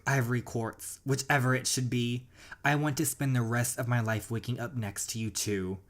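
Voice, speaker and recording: An earnest young husband speaks his heart in a romantic story game, as the gamer playing it reads his lines aloud. His delivery is sincere and tender, with steady middle pitch. It is read plainly rather than performed. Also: lightly acted. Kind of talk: reading game dialogue aloud.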